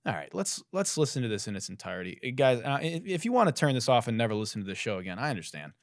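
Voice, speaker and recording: A man's voice: mid-range voice, rapid-fire, no echo, clean studio sound. A man hosting a podcast, riffing sarcastically on a song, swearing and mocking. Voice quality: musician. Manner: sarcastic, swearing, animated mockery. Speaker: podcast host. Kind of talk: comedic commentary.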